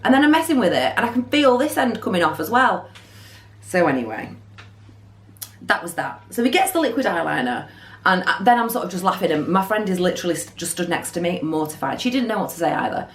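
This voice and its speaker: A woman telling an animated storytime vlog. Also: on the low side, fairly quick. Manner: animated storytelling, acting out quotes. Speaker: beauty vlogger. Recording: roomy echo.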